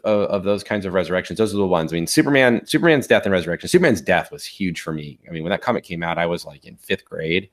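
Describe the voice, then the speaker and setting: A man in his forties co-hosting a podcast, talking casually in a rambling, halting way with many restarts. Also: low voice, a bit bright. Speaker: podcast co-host. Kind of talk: casual chat.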